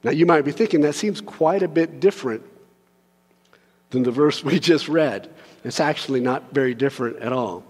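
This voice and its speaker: A man with a notably high voice preaches from a church sanctuary, his words trailing into a long reverberant hall. He talks to the congregation casually and with humour, dropping to quiet asides and rising to loud, urgent pleading. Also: moderate pace, slightly rough. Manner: conversational and joking, swings from soft to loud pleading. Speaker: pastor. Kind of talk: sermon.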